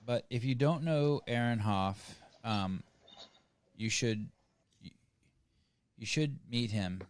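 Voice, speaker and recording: A man hosting a podcast, firing off quick questions and wrapping up in an earnest tone. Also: medium pitch, a little hiss or hum. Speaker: podcast host. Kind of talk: casual chat.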